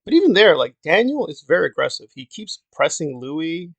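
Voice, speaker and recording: Man, gravelly voice, slightly high, critical reviewer, exasperated, sarcastic. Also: big pitch swings, normal speed, no echo. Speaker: video reviewer. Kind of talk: casual opinionated review monologue.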